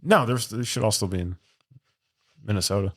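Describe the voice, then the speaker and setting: A man's voice: fairly low pitch, normal speed, fairly bright tone. A man co-hosting a podcast, casually retelling film scenes and acting out the characters' lines with laughs. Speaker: podcast co-host. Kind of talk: casual film review chat.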